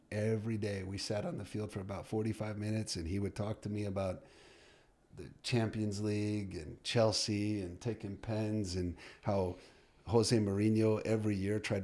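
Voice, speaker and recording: A middle-aged man, a soccer coach, telling a story as a podcast guest, lively and full of restarts as he acts out the dialogue. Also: lowish voice. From United States.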